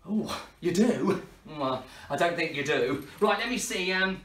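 A playful man hosting a children's magic and superhero party, with mock-dramatic sighs and questions to the kids. He talks slowly, his pitch swinging up and down. The sound is roomy and picked up from across the room. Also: big pitch swings. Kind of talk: kids' party performance. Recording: roomy, from a distance.

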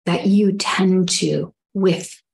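A woman's voice: fairly low pitch, steady tone, very slow, vocal fry, a little mellow, rough recording. A middle-aged woman giving a spoken spiritual teaching in an earnest, reflective way, sometimes acting out inner dialogue.

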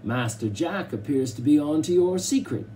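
A proper butler speaks with careful courtesy, as a man reads him. The tone is mellow and measured, each phrase placed with polish. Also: on the high side, expressive, slight background noise, pitched above the performer's own voice, close to an everyday voice. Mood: formal. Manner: polite, precise. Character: formal, clever male butler.

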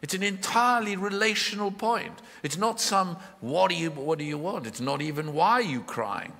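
Male preacher, live church sermon, lively pitch, hall echo, asks the room questions. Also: normal speed, creaky. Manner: expressive, questioning, voices the Bible figures in his retelling.

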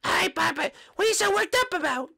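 A man voicing a fussy, nagging cartoon mother in a fan game role-play, shrill and scolding. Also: sing-song, brisk, creaky, pushed and bright, full character voice.

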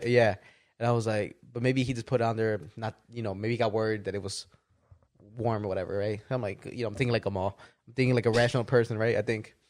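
A man co-hosting a podcast, telling a story in casual, animated chat full of swearing and "dude". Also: fairly low pitch, quick pace. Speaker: podcast co-host.

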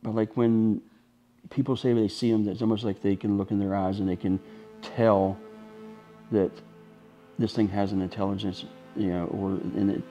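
Male interviewee, deep monotone, thoughtful and hesitant. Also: muffled recording. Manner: thoughtful, searching for words. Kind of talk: casual conversation.

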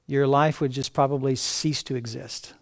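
A male pastor preaching an impassioned sermon, swinging between raised emphatic phrases and hushed, low lines. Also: steady tone, moderate pace, no room sound, studio quality.

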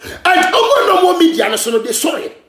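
A Ghanaian man hosting a gossip show, ranting and scolding in heated commentary, often shouting, switching between Twi and English. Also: extremely high pitch, sing-song, fairly quick, reverberant.

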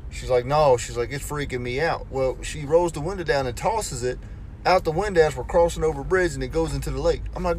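A man rattles off a funny anecdote at a quick, easy clip, stacking up "he said" and "I said" as he goes. His voice sits at an ordinary middle pitch. There is steady noise on the phone recording. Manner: brisk storyteller repeating "he said". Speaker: police officer telling stories. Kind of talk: casual anecdote to camera.

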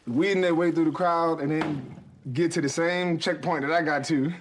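A man, a football player guest, calmly telling stories in a casual interview. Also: fairly high pitch, normal speed, slight background noise.

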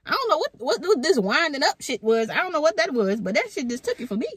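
A woman vlogger reacting to a fight video in casual, excitable commentary, with loud exclamations, laughter and lots of swearing. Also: high-pitched, quick pace. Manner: swears freely, talks to viewers directly.

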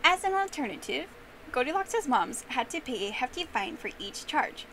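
A young woman telling a memorized story with expressive, animated narration. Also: high-pitched, normal speed, a little hiss or hum, low-quality recording. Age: young adult.

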